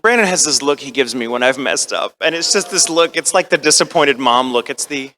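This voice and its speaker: A man's voice: mid-range voice, fairly quick. An American man telling a comic story at a convention panel, acting out the voices of the people in it. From United States. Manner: animated, comic, acts out voices. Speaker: convention guest actor.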